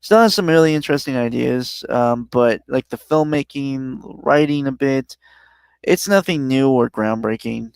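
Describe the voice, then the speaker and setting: Tired man with a smooth, gravelly voice. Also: mid-range voice, moderate pace, dry recording. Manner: relaxed, hedging, frequent "um". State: tired, yawning. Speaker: podcast co-host. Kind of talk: casual chat, movie review.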